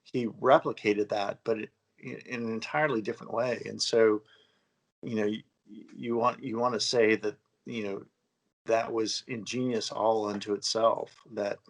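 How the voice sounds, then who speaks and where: A man in a casual conversation about architecture, thoughtful and halting, pausing often on fillers as he works out his points. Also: fairly low pitch, fairly even intonation, vocal fry, rough recording.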